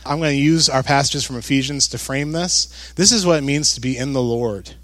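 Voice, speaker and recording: A man preaching a sermon as a pastor, talking conversationally with jokes and animated emphasis. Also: medium pitch, fairly quick, dry recording.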